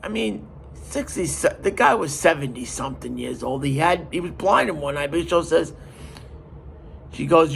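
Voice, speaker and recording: A man hosting a podcast, retelling a story in an animated, emphatic way. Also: a little high, moderate pace, creaky, a little hiss or hum. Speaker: podcast host. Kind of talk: casual storytelling.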